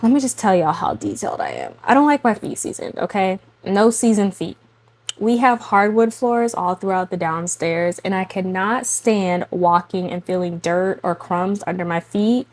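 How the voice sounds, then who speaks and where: A young adult woman talks to camera in a relaxed, chatty way, mixing light humor with personal faith reflection. She laughs often and speaks directly to the women watching, in an easy conversational tone. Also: medium pitch, moderate pace. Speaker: faith and lifestyle vlogger, mother. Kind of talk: casual faith talk to camera.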